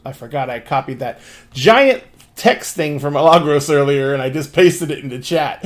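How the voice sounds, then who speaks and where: A man's voice: fairly high pitch, very animated, slow pace, a bit bright. A man running a tabletop game on a stream, talking in a casual, rambling way and swearing now and then. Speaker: game master.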